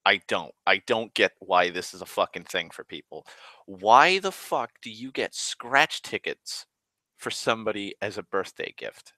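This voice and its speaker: A man's voice: lowish voice, animated, a little slow, pushed and bright, dry recording. A man rambling in a casual, profane monologue, ranting and complaining at length. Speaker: vlogger.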